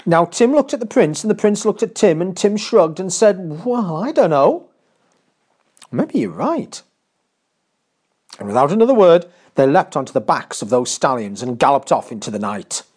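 A man reading a fairy tale aloud, expressive and dramatic. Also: a little high. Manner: expressive, dramatic, pace shifting with the action. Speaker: storyteller. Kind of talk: storybook narration.

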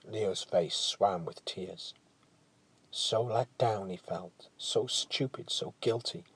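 Slow, husky male storyteller. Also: fairly low pitch, no room sound. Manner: hushed, often whispering, dramatic. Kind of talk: dramatic storybook narration.

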